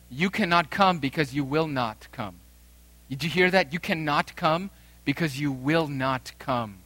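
A man in his thirties preaching a sermon as pastor, emphatic with dramatic pauses and rising swells. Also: a little high, fairly bright tone, no room sound.

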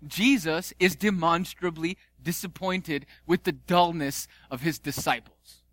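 A man preaches a sermon in a bright, forceful voice, sitting a little higher than most men. He is expressive, swinging from loud emphatic lines to soft, slowed asides. The sound is dry and close. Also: dry recording. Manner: expressive preaching with dramatic swings in volume and pace. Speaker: pastor.

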